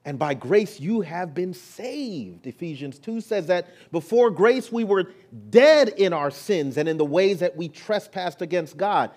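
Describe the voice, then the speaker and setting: Man preaching with soft-to-loud swings. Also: on the high side, lively intonation, moderate pace. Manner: swings between hushed and rising emphatic preaching. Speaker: pastor. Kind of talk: sermon.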